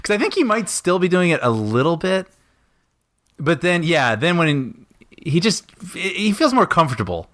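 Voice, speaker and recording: A man's voice: on the high side, moderate pace, dry recording. A man co-hosting a movie commentary, with a voice that swings up and down a lot as he talks. He chats easily and laughs often, and the sound is close and dry. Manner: lively, laughs often, conversational. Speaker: podcast co-host. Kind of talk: casual film commentary chat.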